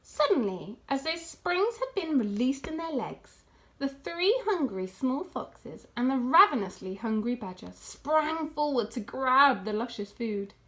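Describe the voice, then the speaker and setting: Storyteller lady, high bright voice, reading a kids' book with lots of swing. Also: measured pace. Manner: expressive, animated reading. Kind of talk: children's book read aloud.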